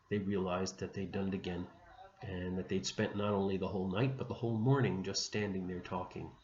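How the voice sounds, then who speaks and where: A man with a lowish voice tells a saint's story to a class in a gentle, unhurried way. The recording is dull and muffled, echoing in a room with a faint hum behind him. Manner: gentle, unhurried retelling with small restarts. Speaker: religion teacher.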